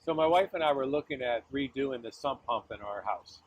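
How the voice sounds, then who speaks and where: A man with a husky voice giving sales advice, telling stories in an animated way. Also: medium pitch, fairly quick, dull audio. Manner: animated anecdotal storyteller. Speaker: sales advisor guest. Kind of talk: casual business chat.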